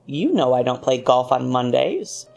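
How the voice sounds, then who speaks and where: A woman's voice: a bass voice, sing-song, unhurried, gravelly, a little mellow, dull audio, voice pushed down, exaggerated voice. A woman reading a husband's lines, a middle-aged man with an irritable, needling way of talking. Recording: faint music underneath.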